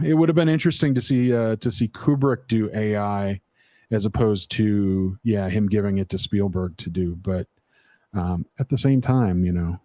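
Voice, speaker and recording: Low, mellow-voiced man hosting a livestream. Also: dry recording. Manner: rambling, heavy on "uh" fillers. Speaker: livestream host. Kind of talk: casual livestream chat.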